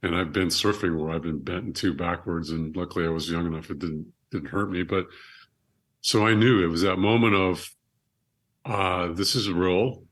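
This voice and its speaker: A man's voice: low voice, a little fast, a bit bright. A middle-aged man, a surgeon and author, telling personal stories as a podcast guest in an earnest, reflective way with frequent restarts. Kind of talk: conversational storytelling.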